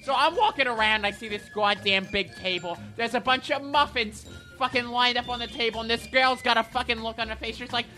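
Comedy bit: woman playing a raging, foul-mouthed guy, bright and sharp, mid-high pitch, constant cursing. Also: brisk, few pauses, faint music behind. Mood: ranting. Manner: constant swearing, ranting, manic laughter. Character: foul-mouthed hotheaded man, self-declared psychopath. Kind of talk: comedy character monologue.

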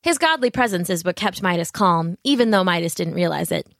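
A woman's voice: fairly low pitch, expressive, brisk, dry recording, studio quality. A woman narrating a fairy tale steadily, with asides to the listener. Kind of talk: storybook narration.

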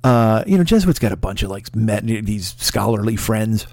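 A man hosting a comedy podcast, rambling and swearing, with sudden loud excitable outbursts. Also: fairly low pitch, moderate pace, dry recording. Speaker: podcast host. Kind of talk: profane comedic podcast monologue.

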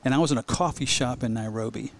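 A man's voice: medium pitch, quick pace, creaky, slight background noise. A middle-aged man, a speedway general manager, chatting casually on a podcast and telling stories with quoted voices. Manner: storytelling, acts out quoted voices.

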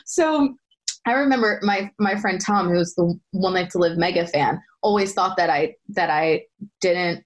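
A young woman, a former soap actress, chatting as an interview guest and telling stories with lively, excited quoted voices. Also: lowish voice, normal speed. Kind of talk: casual interview storytelling.

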